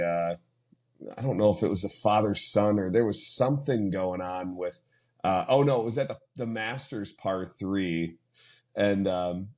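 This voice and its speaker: Low-voiced man in casual golf chat. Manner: rambling, animated retelling with quoted asides. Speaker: podcast co-host.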